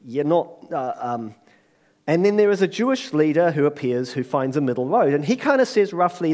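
A man preaching a sermon in a lively, conversational way, joking and acting out quotes. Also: a little high, normal speed.

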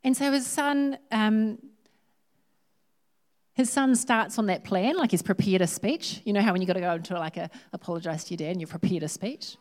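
A woman who preaches a sermon in a lively, humorous, conversational way. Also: mid-range voice, normal speed.

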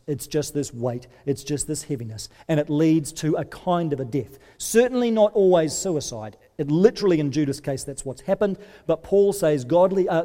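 Earnest preacher in a reverberant hall. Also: male voice, fairly high pitch. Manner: earnest, swings from emphatic to hushed. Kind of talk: sermon. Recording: long reverb of a large hall.

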